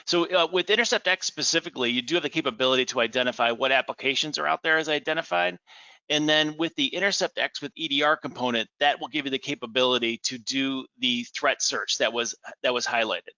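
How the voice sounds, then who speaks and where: A man who presented a product demo, explaining on a webinar and admitting he talks fast. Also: medium pitch, pushed and bright, dry recording. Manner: talks fast, says he will slow down. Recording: dry lo-fi call audio.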